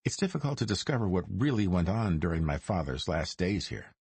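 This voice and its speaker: A man voicing a suave, dryly ironic mob boss's son in his forties, speaking smooth and deliberate in an audiobook. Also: deep voice, very animated, a little mellow, dry recording, heavily acted. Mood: measured. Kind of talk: audiobook character reading.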